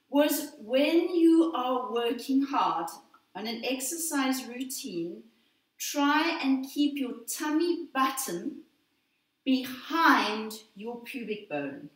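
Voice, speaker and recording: Slow older woman instructor in echoey studio. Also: sits high. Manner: slow, gentle counting and cueing of breaths. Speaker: Pilates instructor. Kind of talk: guided exercise instruction. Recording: very echoey room, voice from a distance.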